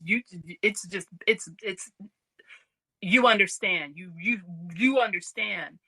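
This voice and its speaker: A woman co-hosting a casual podcast chat who tells animated stories and acts out the voices of people in them. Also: medium pitch, slow, no room sound. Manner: animated, acts out quoted voices, laughs easily. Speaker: podcast co-host.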